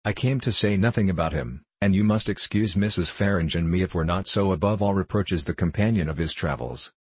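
A stubborn older governess speaking out with firm, earnest spirit, read by a man in a deep, husky voice. The sound is dry and close. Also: a little fast, no room sound. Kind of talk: audiobook reading.

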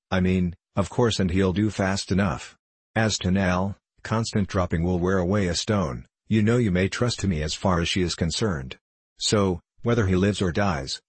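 Guy playing a cold plotting young man, slow and steady, low husky voice. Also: no room sound.

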